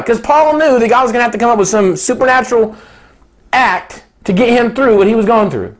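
A man in his thirties delivers a sermon with bubbling excitement. His voice sits a little high and swings widely between bright peaks and low asides. He laughs often as he talks. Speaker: preacher.

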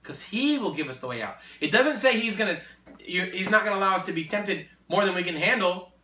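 High, bright-voiced man preaching. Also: animated, a little fast, a little hiss or hum. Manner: emphatic, repetitive, rising to forceful exhortation. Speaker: Christian speaker. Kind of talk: preaching in conversation. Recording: echoey room, distant mic.

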